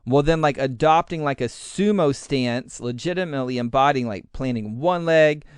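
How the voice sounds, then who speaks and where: Brief: male podcast host, smooth resonant voice, dry close sound, animated, acts out his thoughts mid-sentence. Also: medium pitch, moderate pace, no echo. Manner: animated, acts out his own inner voice in quotes; uses many fillers like "like". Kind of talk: casual podcast talk.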